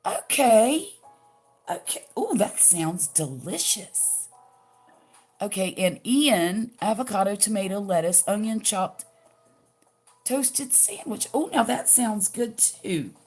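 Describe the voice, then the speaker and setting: An older woman from the US Gulf Coast hosts a crafting livestream, chatting in a folksy, casual Southern way, reading viewer comments aloud and laughing often. Her medium-pitched voice is a little mellow and lively, she speaks slowly, and faint music plays behind.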